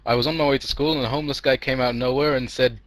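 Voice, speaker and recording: A man's voice: mid-range voice, steady tone, very fast, fairly bright tone, close to an everyday voice, low-quality recording. A man voicing an earnest, put-upon schoolboy who keeps retelling his story, in a joke told among friends. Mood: explaining. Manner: retells the same story matter-of-factly.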